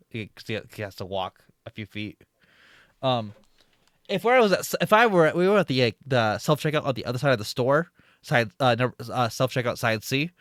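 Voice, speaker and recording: A man's voice: mid-range voice, no room sound, studio quality. A man casually telling a long story from his retail job, with lots of fillers and restarts. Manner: rambling, many fillers and restarts. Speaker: streamer.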